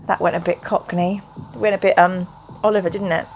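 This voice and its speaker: A woman's voice: on the low side, fairly even intonation, a little fast, over music. A woman hosting a live stream from home, chatting in rambling asides and reading an adventure book aloud. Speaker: host. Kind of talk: live-streamed gamebook play and chat.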